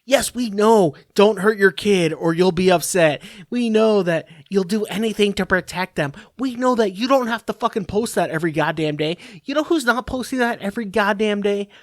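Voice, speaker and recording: A man hosting a podcast, ranting alone in a profane, exasperated way with halting restarts. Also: sits high, lively intonation, dry recording, clean studio sound. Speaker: podcast host. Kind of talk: solo comedic rant.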